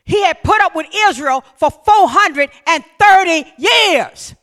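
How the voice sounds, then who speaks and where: A woman preaching a sermon in a high, bright voice. She is animated, shouting some lines and dropping to hushed near-whispers on others. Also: unhurried. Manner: animated, swings between loud emphatic lines and near-whispers.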